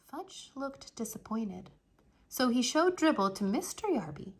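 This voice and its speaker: A woman reading a children's chapter book aloud in an expressive storytelling way. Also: fairly high pitch, a little slow, husky.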